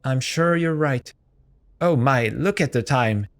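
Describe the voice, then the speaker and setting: A man's voice: mid-range voice, takes it slowly. A man voicing a worried, polite woman in a game who is waiting up for her husband. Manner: gentle, polite and fretful.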